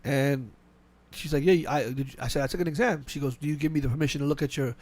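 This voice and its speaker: A man hosting a casual podcast, telling a work story quickly and animatedly, with many restarts and quoted back-and-forth dialogue. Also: a little high, fairly even intonation, a little mellow. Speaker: podcast host. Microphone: podcast mic.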